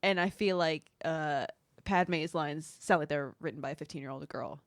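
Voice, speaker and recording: A woman's voice: sits low, moderate pace, dry recording, clean studio sound. A woman co-hosting a casual fan podcast, talking loosely and saying "like" often. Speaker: podcast co-host. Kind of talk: casual chat.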